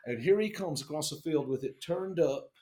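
A man in a band telling a tour story in a casual, animated, profane way, acting out the people he quotes. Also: a little high, normal speed, echoey room.

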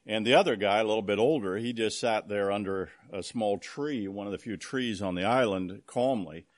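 A man in his sixties, a guest preacher giving a humorous sermon to a congregation in the folksy, halting style of a storyteller. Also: fairly low pitch. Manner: folksy storyteller, many ums and restarts. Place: church with a full congregation.

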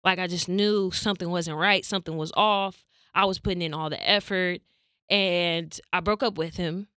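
Clean studio sound and a dry recording carry a fairly low, smooth female voice at a moderate pace. She's a young adult woman from California hosting a podcast, animatedly sharing a personal story in casual chat and acting out the quoted lines.

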